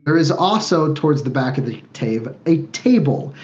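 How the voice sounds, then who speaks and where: A man running a tabletop game, describing the scene in a loose, rambling manner full of "kind of" and "like." His voice sits a bit higher than usual for a man. The stream audio is dull and lo-fi, with soft music in the background. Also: expressive, moderate pace. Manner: loose, descriptive, hedging with fillers. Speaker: game master.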